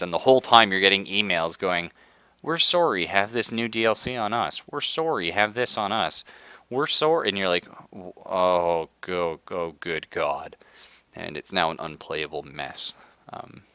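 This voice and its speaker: A young man live-streaming a strategy game, hoarse from being sick, ranting in casual chat and laughing often. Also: low-pitched, bright, forceful tone, no room sound. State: hoarse from illness. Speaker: livestreamer.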